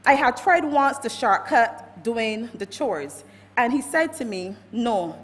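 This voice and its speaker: A woman's voice: a little high, animated, slow. Barbadian woman reading a eulogy in a church. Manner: reads from notes, warm storytelling with quoted anecdotes. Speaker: family member giving a eulogy. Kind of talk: reading a eulogy at a funeral service. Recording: long church reverb.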